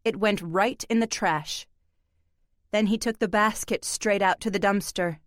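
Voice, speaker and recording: A woman's voice: mid-range voice, unhurried, dry recording. Woman reading an audiobook, dry sound. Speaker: audiobook narrator. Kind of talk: scripted narration.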